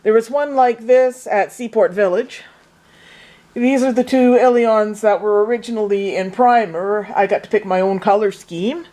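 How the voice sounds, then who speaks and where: A chatty woman talks through her handmade pieces in a relaxed home vlog. She rambles cheerfully and restarts her sentences. Her voice sits at an ordinary middle pitch. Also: normal speed. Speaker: vlogger. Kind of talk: casual show-and-tell vlog.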